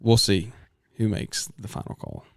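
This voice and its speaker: A man's voice: on the low side, lively intonation, unhurried, gravelly, no room sound. A man co-hosting a casual podcast, throwing in dry, teasing jokes.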